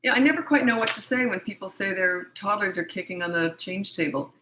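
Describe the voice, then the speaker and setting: A woman's voice: medium pitch, fairly quick. A middle-aged woman with a scratchy throat, giving no-nonsense parenting advice in a casual question-and-answer session. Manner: blunt, no-nonsense, matter-of-fact.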